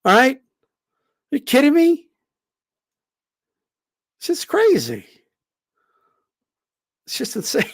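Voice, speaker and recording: Profane, animated male boxing ranter. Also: extremely high pitch, takes it slowly, creaky, pauses often. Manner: profane, emphatic, repeats "all right?". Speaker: boxing commentator. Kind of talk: heated rant.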